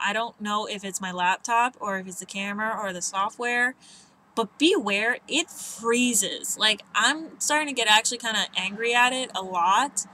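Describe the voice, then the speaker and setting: A woman's voice: medium pitch, bright, forceful tone, a little hiss or hum, rough recording. A young woman vlogging in casual chat on an outdoor balcony, rambling and self-mocking with lots of fillers.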